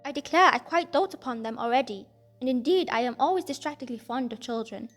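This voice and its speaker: A woman's voice: high voice, animated, fairly quick, fairly bright tone, soft background music. A woman reading aloud, voicing a chattering, over-familiar young woman who gushes and speaks abruptly. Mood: gushing. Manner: effusive, abrupt and gushing.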